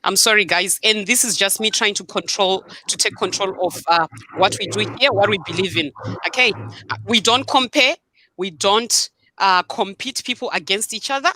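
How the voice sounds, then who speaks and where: A woman's voice: medium pitch, normal speed, pushed and bright, a little hiss or hum. A woman hosting a live online show over a video call, speaking firmly to her viewers and mixing Shona into her English. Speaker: host.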